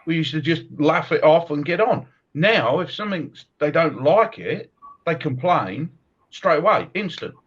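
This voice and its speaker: Brief: middle-aged host, fairly high voice, lively storyteller, dull lo-fi line. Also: male voice, unhurried, slightly rough. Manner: animated storyteller, laughs often. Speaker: podcast host, martial arts coach. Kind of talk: casual chat.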